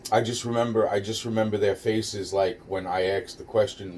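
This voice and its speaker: A man casually recounting a personal ordeal in a rambling, profane way, with frequent restarts and a calm, low-key delivery. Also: moderate pace, hardly any pauses, a little hiss or hum. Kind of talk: casual spoken recollection.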